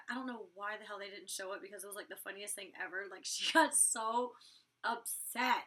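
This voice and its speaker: A woman's voice: medium pitch, fairly bright tone, far from the mic. A young woman recapping a reality show episode in casual, blunt chat, packed with "like" fillers and swearing freely. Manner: chatty, fast storytelling full of "like" fillers. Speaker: reality show cast member reviewing an episode.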